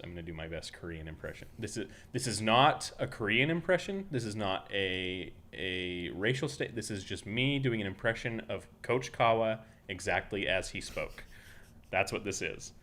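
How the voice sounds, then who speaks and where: A man's voice: low-pitched, lively intonation, normal speed, pushed and bright. A man from Utah hosting a casual podcast, who tells meandering anecdotes full of restarts. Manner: rambling anecdotal storytelling with many restarts. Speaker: podcast host.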